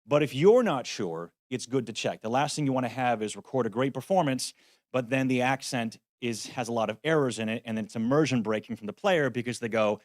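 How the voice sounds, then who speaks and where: A man's voice: medium pitch, expressive, a little fast, dry recording. Guy giving a conference talk on voice acting, wry and practical, dry close sound. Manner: practical, wry, self-deprecating asides. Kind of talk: conference presentation. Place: conference venue.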